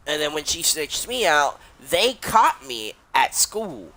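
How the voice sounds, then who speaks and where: A man's voice: fairly high pitch, very animated, slow, pushed and bright. A young adult man casually telling a long story while he streams a game, rambling and swearing, with many restarts.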